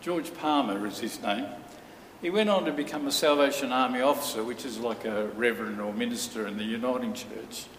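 A man preaching a sermon, telling a story earnestly with dramatic pauses. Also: medium pitch, slight background noise. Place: church hall. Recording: echoey hall from far off.

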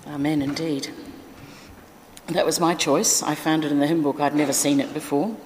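Low-voiced woman preaching in a reverberant church. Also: fairly even intonation, moderate pace, darkish tone, a little hiss or hum. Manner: chatty, informal, with fillers and asides. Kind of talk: sermon.

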